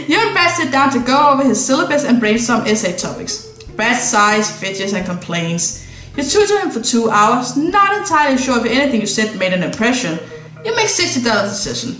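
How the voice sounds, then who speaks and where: A woman's voice: fairly high pitch, sing-song, a little fast, fairly bright tone, faint music behind. A woman streamer reading a visual novel aloud with playful, laughing asides, recorded in an echoey room.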